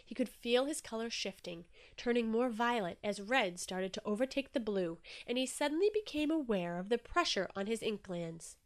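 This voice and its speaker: A woman narrating a children's storybook with a gentle, expressive reading. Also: fairly high pitch, moderate pace, few pauses.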